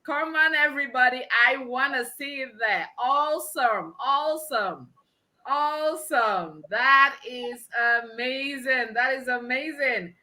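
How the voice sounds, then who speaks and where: A woman hosts a live conference with exuberant energy, exclaiming and laughing often. Her voice is high and bright, and she takes her time between her words. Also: unhurried. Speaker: conference host. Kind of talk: energetic live event hosting.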